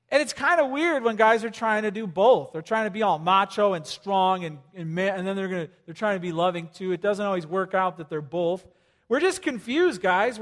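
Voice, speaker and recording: A man preaching a sermon in a chatty, joking way, pushing hard for emphasis. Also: high voice. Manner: conversational, joking, rising to loud emphasis. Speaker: pastor. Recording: long hall reverb.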